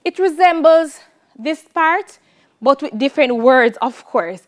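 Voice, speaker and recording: A Jamaican woman leads a televised classroom music lesson. Her voice sits high, and she takes an unhurried pace. She chants song syllables and claps out rhythms for her students to copy. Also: animated. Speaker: music teacher.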